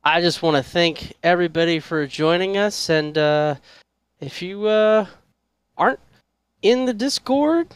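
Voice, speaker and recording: A man's voice: high voice, expressive, unhurried, clear, resonant tone, no room sound. A man on a gaming podcast giving a friendly, inviting sign-off. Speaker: podcast co-host. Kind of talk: casual sign-off chat.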